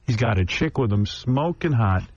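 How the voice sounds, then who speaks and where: A man's voice: medium pitch, moderate pace, dry recording, muffled recording. A male radio host in casual on-air banter, telling stories animatedly and acting out what other people said. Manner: animated storyteller who acts out other people's lines.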